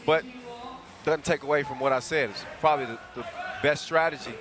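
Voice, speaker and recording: A man calling a live basketball game, with quick, jokey, excitable play-by-play. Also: a little high. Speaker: play-by-play commentator. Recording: loud crowd behind.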